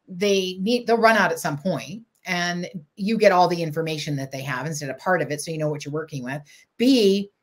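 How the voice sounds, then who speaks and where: Chatty woman podcast host. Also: medium pitch. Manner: chatty, affirming, rambling. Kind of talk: casual interview talk.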